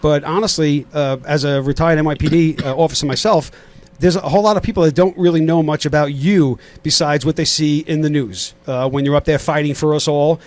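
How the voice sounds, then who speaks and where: A middle-aged man with a New York accent hosts a casual studio interview. His voice sits a bit high for a man, and he rambles through fillers and false starts as he talks. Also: steady tone, fairly quick, darkish tone. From Queens, New York. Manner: rambling, many fillers and restarts. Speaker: podcast host.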